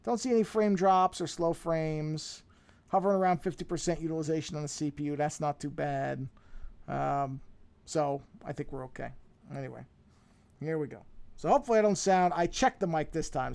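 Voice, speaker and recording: A man with a somewhat high, gravelly voice chats casually on a live art stream. He rambles, mutters to himself and jokes at his own expense as he works. He is recorded close on a podcasting microphone. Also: darkish tone. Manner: rambling, self-deprecating, talks to himself while working.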